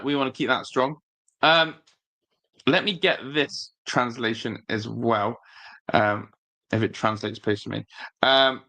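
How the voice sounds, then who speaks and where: A man's voice: medium pitch, pushed and bright. A man hosting a football fan live stream, chatting loosely, rambling with fillers and reading out viewer comments. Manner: chatty, rambling, reads viewer chat aloud. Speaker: football fan channel host. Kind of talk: live-stream casual chat.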